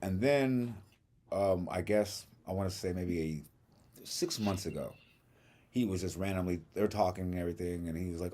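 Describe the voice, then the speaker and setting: A man co-hosting a podcast, telling a long story in a casual, animated way and acting out other people's lines with plenty of swearing. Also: low-pitched, normal speed. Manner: animated storyteller, acts out quotes, swears freely. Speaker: podcast co-host.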